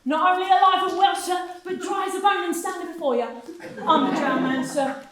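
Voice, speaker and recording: A woman's voice: very high-pitched, fairly even intonation, brisk, fairly bright tone, far from the mic. A woman acting a wheedling male street performer who fakes drownings for money, in an amateur stage scene recorded off-mic in an echoey room. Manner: wheedling, salesman patter, mock-respectful. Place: drama class room.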